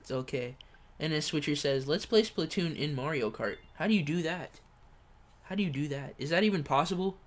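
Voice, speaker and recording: A young man livestreaming a kart racing game, reading chat and shouting during play. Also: a little high, brisk. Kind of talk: live gameplay streaming.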